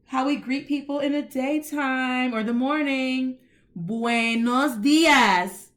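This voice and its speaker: A woman hosting a casual Spanish lesson, chatty and informal, switching between English and Spanish and spelling words out letter by letter. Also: mid-range voice. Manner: informal colloquial speech with "y'all". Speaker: Spanish teacher and host. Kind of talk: casual teaching monologue.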